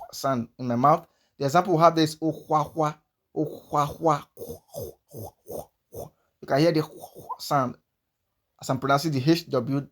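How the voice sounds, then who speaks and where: Man, language teacher, fairly high voice, slow and repetitive, walks through example words one by one. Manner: slow, repeats each sound several times. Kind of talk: slide-by-slide language lesson.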